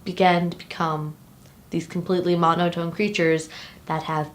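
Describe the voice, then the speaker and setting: A woman hosting a casual sci-fi movie review, talking in a chatty, animated way with lots of "like" fillers and giggly asides. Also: on the low side, normal speed, a little hiss or hum.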